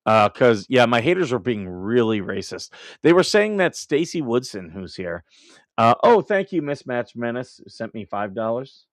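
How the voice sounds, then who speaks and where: A man's voice: medium pitch, very animated, moderate pace, no echo, clean studio sound. Ranting male live-stream host. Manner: ranting, laughs often, rambling restarts. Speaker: livestream host. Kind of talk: casual live-stream commentary.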